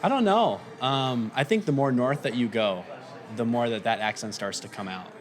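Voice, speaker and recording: Laid-back and rambling, a podcast guest in his thirties chats in a casual interview, sprinkling in lots of "um"s. His mid-range voice carries a faint Minnesota accent and keeps a moderate pace.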